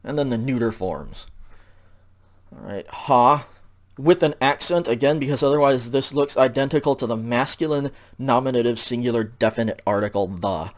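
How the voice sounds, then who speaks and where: In this recorded slide lecture, a man speaks at a medium pitch. As a teacher, he's patient and explanatory, frequently checking in and saying "um" when he pauses.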